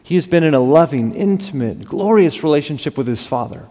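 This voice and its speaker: A man in his thirties preaching a sermon, swinging between loud emphasis and hushed, drawn-out words. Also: fairly high pitch, animated. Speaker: pastor. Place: church sanctuary. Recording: long hall reverb.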